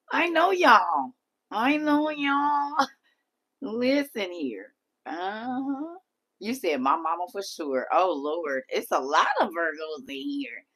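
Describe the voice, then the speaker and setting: A middle-aged woman hosting a livestream, reading and answering chat comments with lots of laughter. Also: low voice. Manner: animated, laughing often, talks back to chat. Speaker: livestream host.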